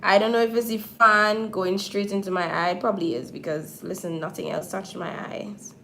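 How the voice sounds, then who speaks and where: A woman's voice: medium pitch, steady tone, normal speed, gravelly, a bit bright, slight background noise. A makeup artist chatting casually with her viewers on a livestream while she applies false lashes. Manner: chatty, talks straight to viewers.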